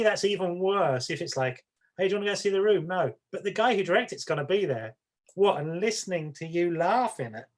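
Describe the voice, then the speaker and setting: A man's voice: fairly high pitch, fairly bright tone. A man co-hosting a podcast, talking casually in a rambling, self-deprecating and wry way. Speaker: podcast co-host. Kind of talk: casual chat.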